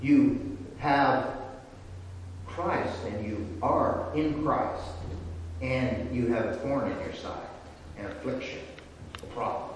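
A man's voice: medium pitch, slow, long pauses, slight background noise. A man preaching a sermon, retelling scripture and film scenes. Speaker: pastor. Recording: echoey hall from far off.

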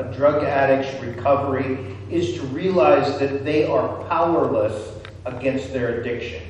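A man preaching a sermon in church, speaking slowly and deliberately. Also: on the high side, a little mellow, a little hiss or hum. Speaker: pastor. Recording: echoey church hall from a distance.

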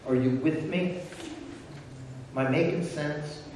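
A man preaching a sermon in church, speaking slowly and deliberately. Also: fairly high pitch, background noise. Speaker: pastor. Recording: echoey church hall from a distance.

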